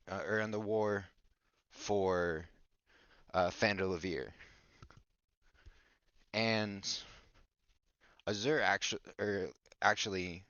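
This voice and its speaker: A low-voiced man rambles through a silly story recap in a casual podcast chat, goofy and mock-bossy. The recording is dull, lo-fi and dry, with no room sound. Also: a bit bright, no room sound. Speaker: podcast host.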